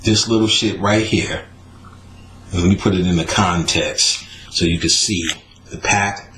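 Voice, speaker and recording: A man hosting a podcast, telling a story in a casual, animated way, laughing and swearing often. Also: deep voice, unhurried. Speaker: podcast host. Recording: roomy echo with faint noise.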